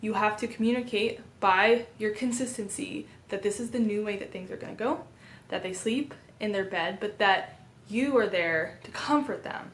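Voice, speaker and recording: A woman in her thirties calmly explaining a baby sleep method, earnest and step by step. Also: mid-range voice, normal speed. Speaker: parenting educator. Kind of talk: instructional talk to camera.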